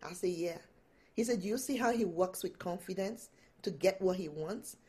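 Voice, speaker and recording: Animated woman telling a story. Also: on the low side, moderate pace. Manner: animated storytelling, laughs often. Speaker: guest, empowerment coach. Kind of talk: storytelling in an interview.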